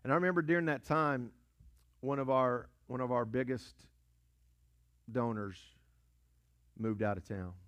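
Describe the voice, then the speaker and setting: A man's voice: mid-range voice, a little slow, pauses often, a bit bright. A man, a pastor, preaching a sermon in a storytelling way, repeating phrases and asking rhetorical questions. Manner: storytelling, repetitive, rhetorical questions and call-and-response.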